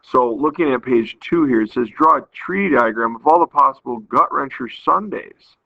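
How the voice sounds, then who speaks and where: A man's voice: medium pitch, lively intonation, moderate pace, dry recording. A man teaching a math lesson, patiently explaining step by step and counting aloud. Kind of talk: recorded math lesson walkthrough. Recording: tinny phone-like audio, dry.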